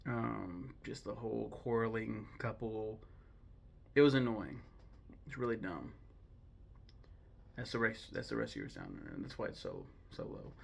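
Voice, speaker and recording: A man's voice: fairly low pitch, big pitch swings, unhurried, vocal fry, long pauses, breathy edge. A young man ranking films in a chatty, digressive way, full of ums and self-corrections. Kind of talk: casual opinionated commentary.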